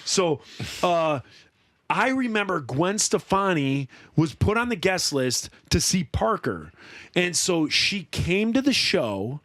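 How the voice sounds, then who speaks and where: Clean studio audio with no echo carries a man's high voice as he takes his time. He co-hosts a podcast and plays in a band, and while chatting casually he tells a story with energy, performing each quoted person.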